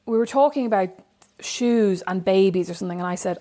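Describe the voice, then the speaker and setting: A woman's voice: medium pitch, brisk, mellow. Playfully indignant woman. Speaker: podcast co-host. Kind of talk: casual chat.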